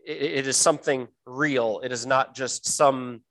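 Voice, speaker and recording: A man teaching a Bible verse word by word, often pausing with fillers and repeating words, slowing down to stress key phrases. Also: mid-range voice, fairly even intonation, fairly bright tone, poor audio.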